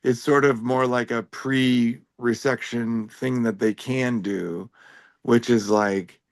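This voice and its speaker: A man's voice: medium pitch, steady tone, slow pace, no echo, studio quality. Rambling man in casual podcast chat. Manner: rambling, heavy use of "like" fillers; wry, joking. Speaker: podcast panelist living with epilepsy.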